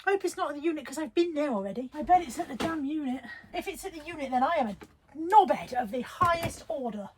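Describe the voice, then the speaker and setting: A woman's voice: sits high, animated, fast talker, noisy background. A woman from England chatting casually to camera as a vlogger, self-mocking and muttering to herself as she goes through her post.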